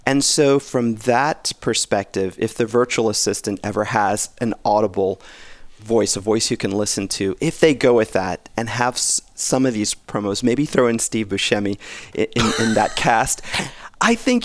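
A man's voice: on the low side, normal speed, dry recording. A man in a casual podcast chat, commenting in a wry, joking way and laughing often.

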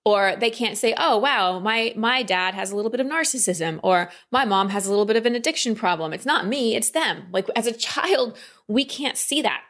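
A woman coaching a client in a calm talk, often slipping into quoted inner voices. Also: a little high, moderate pace, hardly any pauses. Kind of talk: coaching session.

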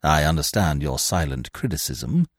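A talkative young Englishman in a storybook, full of ornate, pompous turns of phrase and dry whimsy, as a male narrator voices him. His pitch rises and falls freely, and the recording is dry and close. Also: sing-song, moderate pace, no echo, heavily acted. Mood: wry. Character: verbose, urbane young Englishman, drily whimsical.

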